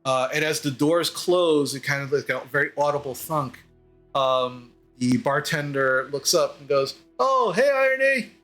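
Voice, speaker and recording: A man's voice: mid-range voice, fairly even intonation, measured pace, fairly bright tone, soft background music. A man narrating as a tabletop game master, describing scenes hesitantly with many fillers. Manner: hesitant, full of ums and likes.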